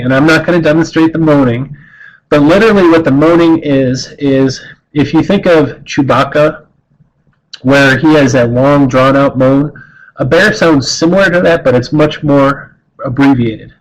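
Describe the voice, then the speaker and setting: A man's voice: fairly high pitch, normal speed, low-quality recording. A middle-aged man giving an earnest, conversational talk as a wildlife educator, often restarting and repeating words as he explains. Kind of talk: informal talk on bear behavior.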